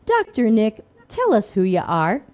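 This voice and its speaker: A woman's voice: medium pitch, wildly swooping pitch, a little slow, darkish tone. A middle-aged woman hosting a casual live Q&A stream, chatty and self-deprecating, laughing often. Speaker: livestream host. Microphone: desk microphone.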